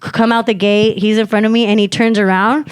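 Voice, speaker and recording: A woman's voice: mid-range voice, brisk, clean tone, no room sound. A young woman and podcast co-host telling a story in casual slangy chat, acting out quotes and using lots of fillers. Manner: animated, slangy, many fillers, acts out quotes.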